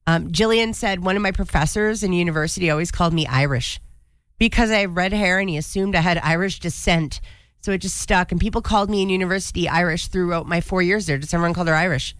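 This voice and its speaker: Chatty lower-voiced woman radio host. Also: quick pace, clear, resonant tone, no room sound, clean studio sound. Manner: chatty and upbeat, reads listener texts. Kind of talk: casual radio chat.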